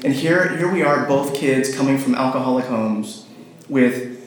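Speaking at a measured pace in a mid-range voice, a man wanders through a personal anecdote, restarting himself, using many fillers and laughing often. He voices both sides of phone calls as he goes, captured in a very echoey room with a faint noise floor.

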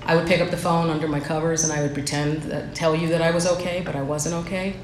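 A woman's voice: sits low, flat delivery, fast talker. Candid woman sharing her recovery story. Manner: candid, self-deprecating storytelling. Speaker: speaker sharing at a recovery meeting. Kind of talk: personal recovery share. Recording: echoey room, faint background noise.

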